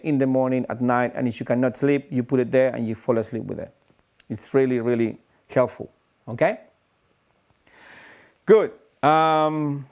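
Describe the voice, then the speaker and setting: A man teaching breathwork in a live-streamed lesson, animated, demonstrating breaths with audible sighs. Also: mid-range voice.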